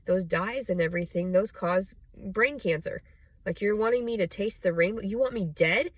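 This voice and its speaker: A woman's voice: mid-range voice, normal speed, no room sound. A young adult woman vlogging in a rambling personal monologue, blunt and profane, full of "like" and "you know".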